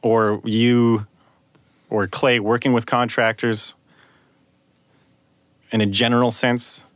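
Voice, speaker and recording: A man who works as a sound designer, hosting a casual podcast chat and explaining things in a measured way. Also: mid-range voice, little pitch movement, fairly bright tone, dry recording.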